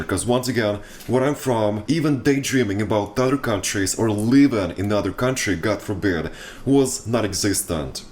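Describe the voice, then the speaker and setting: Low-voiced Russian man telling stories. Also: a little hiss or hum. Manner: chatty, self-mocking, laughs often. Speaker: vlogger. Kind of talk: casual storytelling.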